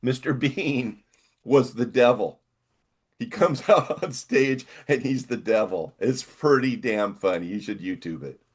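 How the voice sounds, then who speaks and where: An older man co-hosting a relaxed podcast chat. He talks unhurriedly, pitch rising and falling with animated range. He rambles, stopping and starting as he reads pieces aloud. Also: a little slow, breathy edge. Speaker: podcast co-host. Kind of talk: casual chat.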